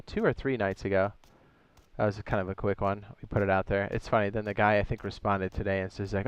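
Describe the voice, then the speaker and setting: A man's voice: fairly low pitch, steady tone, fast, smooth, no room sound. A man hosting his own game live stream, chatting casually, reading viewers' messages aloud and often correcting himself. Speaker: streamer and server host.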